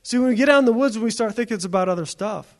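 A man with a notably high voice preaching a sermon. He talks in a relaxed, conversational way, telling stories and repeating his phrases as he goes. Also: very fast. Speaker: pastor.

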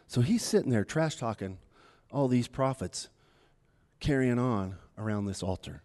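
A man delivers a sermon as a lively story. His voice sits at a middle pitch and leaps higher as he acts out the taunting lines. Between them he drops into relaxed, chatty asides. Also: a little slow, long pauses. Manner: animated storytelling, acting out the taunts with a rising voice. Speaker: preacher.

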